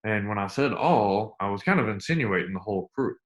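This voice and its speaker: Middle-aged man, low voice, earnest interview guest; repeats himself, slows for emphasis. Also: expressive. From United States. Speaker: interview guest, army veteran. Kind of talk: candid storytelling interview.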